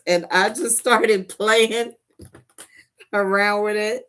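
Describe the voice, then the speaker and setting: Woman host for a sewing livestream, relaxed unhurried talk, laughs a lot, chatty with viewers. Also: mid-range voice, clean tone. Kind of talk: casual chat while sewing.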